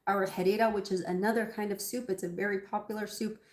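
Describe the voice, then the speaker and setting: Talking quickly with fairly even intonation, a medium-pitched woman runs a casual cooking livestream from her kitchen at home. She rambles to viewers with lots of ums, and the sound is reverberant.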